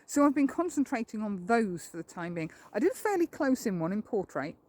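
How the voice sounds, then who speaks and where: An English landscape photographer, a little out of breath, chats while walking through woodland for an outdoor vlog, thinking aloud in a self-deprecating way. Her mid-range voice is sing-song, fairly quick and darkish, with no room sound.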